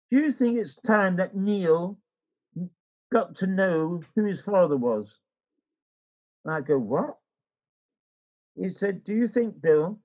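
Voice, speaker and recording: An older man with a high voice tells a rambling personal story in casual conversation, acting out the voices of the people involved. The sound is lo-fi.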